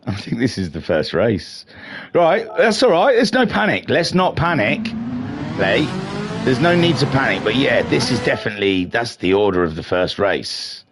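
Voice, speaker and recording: There's background noise as a middle-aged man with a mid-range, sing-song voice calls races at normal speed for a league stream. He's chatty and pokes fun at himself, sounding a little flustered at times during the casual live commentary.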